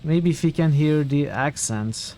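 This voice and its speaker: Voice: mid-range voice, unhurried, mellow. A game streamer giving casual gameplay commentary, thinking aloud and chatting with viewers.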